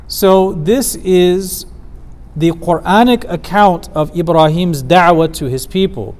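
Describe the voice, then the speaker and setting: Measured man teaching a theology class. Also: sits high, a little mellow. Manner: measured, explanatory, slows for emphasis on quoted verses. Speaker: Islamic studies teacher. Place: community center class.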